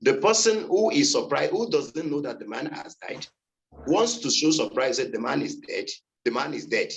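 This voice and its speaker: A man's voice: fairly high pitch, expressive, moderate pace, vocal fry. Hesitant Nigerian man, class student. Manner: hesitant, many fillers. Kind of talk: answering in class discussion.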